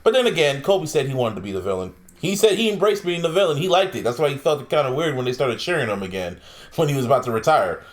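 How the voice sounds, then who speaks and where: A man in an easygoing podcast chat with a mid-pitched voice. He jokes around and slips into exaggerated impressions of people, with his pitch jumping high and low. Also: fast talker. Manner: relaxed, joking, mimics people with pitch jumps. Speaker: podcast co-host. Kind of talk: casual chat.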